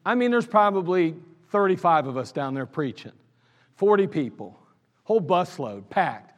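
A man with an Ohio accent preaches to his congregation about the church's early years, telling stories with lively energy and laughing at them. His voice sits slightly high for a man. The service recording carries the long reverb of a church hall. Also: normal speed, dull audio. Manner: animated storyteller, laughs at his own stories. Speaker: pastor. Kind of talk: anniversary sermon storytelling. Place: church sanctuary.

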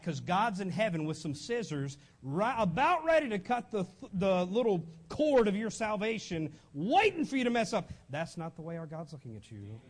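A man's voice: high-pitched, sing-song, fairly quick, hardly any pauses. A middle-aged man preaching a conversational sermon, with frequent asides to the congregation. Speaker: pastor.

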